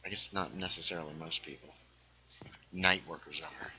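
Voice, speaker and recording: A man's voice: sits low, fairly even intonation, moderate pace, pushed and bright, slight background noise. A man chatting casually and joking as he streams a video game. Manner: chatty, playful, jokey. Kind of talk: casual gameplay chat.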